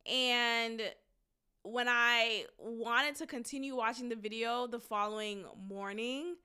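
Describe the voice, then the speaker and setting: A woman hosting a solo commentary podcast, talking in an emphatic, drawn-out, deliberate way. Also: a little high, fairly even intonation, pushed and bright, clean tone. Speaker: podcast host.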